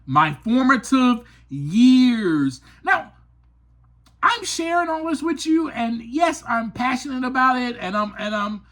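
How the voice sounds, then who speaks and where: A man hosting a podcast, telling a personal story in an earnest, emphatic monologue that climbs to passionate peaks and drops to quiet asides. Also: very high voice, very animated, takes it slowly. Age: adult. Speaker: podcast host.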